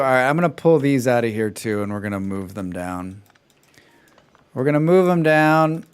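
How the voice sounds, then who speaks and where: A man's voice: medium pitch, animated, fairly quick, darkish tone, clear, resonant tone. Sarcastic man streaming a game. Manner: sarcastic, joking asides. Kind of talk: casual chat during a gameplay livestream.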